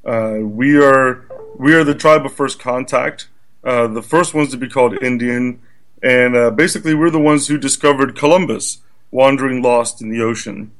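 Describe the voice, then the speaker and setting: A man's voice: mid-range voice, a bit bright. Easygoing man giving wry interview answers. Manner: joking, measured, easygoing. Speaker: radio guest.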